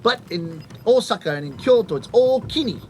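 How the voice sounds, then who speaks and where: A man around fifty, a rakugo comedian telling comic stories to a live audience, animated and acting out voices and punchlines. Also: sits high, fast, noisy background. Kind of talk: stand-up storytelling to a live audience.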